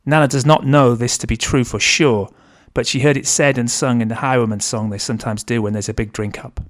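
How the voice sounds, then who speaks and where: An author reading his own novel aloud in a steady, measured narrating voice. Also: mid-range voice.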